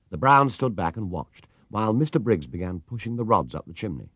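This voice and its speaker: A man narrating a children's storybook in an expressive, lively way. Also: lowish voice, brisk, slightly rough, no echo. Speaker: audiobook reader.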